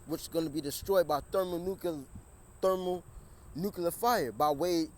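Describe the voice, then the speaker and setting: A man's voice: fairly high pitch, moderate pace. A man preaching and reading scripture outdoors by a street, often restarting his words and raising his voice over the traffic. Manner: repetitive, stumbling restarts, raises voice over traffic. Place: outdoors beside a busy street. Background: passing cars.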